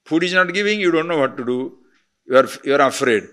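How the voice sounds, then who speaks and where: A man teaches scripture in a spiritual discourse. His voice sits a little high and sounds forceful and bright. He moves between emphatic points and quiet asides, often asking his listeners questions. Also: quick pace. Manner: expressive, rhetorical questions, swings from emphatic to soft.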